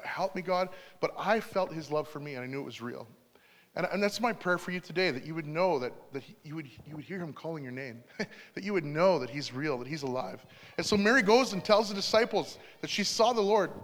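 A middle-aged man gives a sermon in a church, his voice sitting a little high for a man. He talks in a relaxed, conversational way and drops in small asides. The sound carries a long hall reverb. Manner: conversational, warm storytelling with asides. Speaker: pastor.

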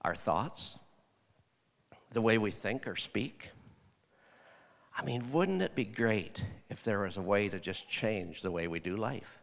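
A man's voice: lowish voice, expressive, slow pace, vocal fry, pauses often. A man preaching in a conversational, folksy way, retelling talks with a lot of "I said" and "he said". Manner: folksy storytelling, repeating "I said" and "he said". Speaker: lay preacher. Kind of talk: conversational sermon. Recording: long hall reverb.

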